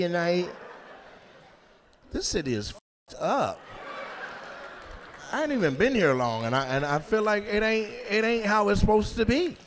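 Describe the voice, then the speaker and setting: A man doing stand-up crowd work in a live comedy venue, teasing the audience in a brash, profane way with loud bursts. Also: high voice, very animated, measured pace, long pauses.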